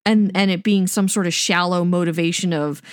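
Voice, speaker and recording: A woman with a slightly low voice co-hosts a podcast in casual chat. She is enthusiastic, laughs a lot and swears freely. The sound is dry and close to the mic. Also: fairly even intonation, fairly quick, clean tone, no echo. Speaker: podcast co-host.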